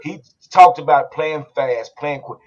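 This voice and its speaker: A man hosting a casual sports podcast, talking in an animated, rambling way. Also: a little high, unhurried, dull audio. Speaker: podcast host.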